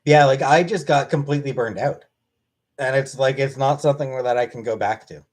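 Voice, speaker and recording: A man's voice: mid-range voice, fairly quick. A man casually answering questions from his live-stream chat in a blunt, offhand way.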